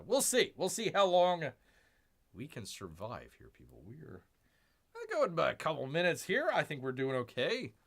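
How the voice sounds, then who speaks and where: Rambling male livestream host, bright voice. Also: on the high side. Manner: talks about himself in third person, rambling, many restarts. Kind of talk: casual live-stream chat.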